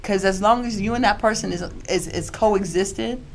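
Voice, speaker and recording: A woman's voice: mid-range voice, moderate pace, soft background music. A woman speaking as a guest on a talk panel, emphatic and repeating her phrases.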